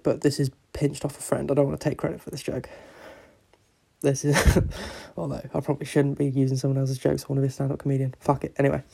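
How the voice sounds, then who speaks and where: A man's voice: medium pitch, creaky, dark tone. A man hosting a podcast, telling a long joke in a rambling, casual way full of fillers. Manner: rambling, filler-heavy storytelling. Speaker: podcast host.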